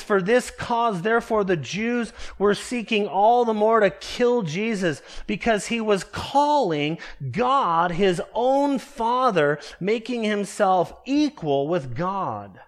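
Slow, high-voiced male preacher. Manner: slow, emphatic phrasing with drawn-out key words. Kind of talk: expository sermon.

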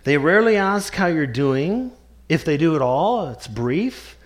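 Man, pastor, sermon, earnest, emphatic, slightly high voice. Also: very animated. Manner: earnest, emphatic, slows right down to stress key words.

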